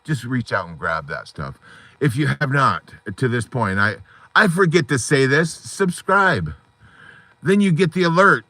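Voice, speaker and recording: A man hosting an unscripted live stream from inside his parked car at night, rambling and animated, slipping into quoted voices. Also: mid-range voice, a little slow, dry recording. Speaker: live-stream host of a divorced dads channel.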